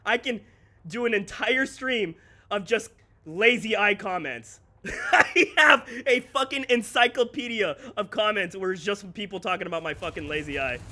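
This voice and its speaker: A male streamer with a high, bright, sharp-edged voice chats loosely with his live audience. He rants candidly and swears freely, breaking into quick laughs between his points. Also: expressive. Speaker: streamer and content creator. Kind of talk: casual livestream chat.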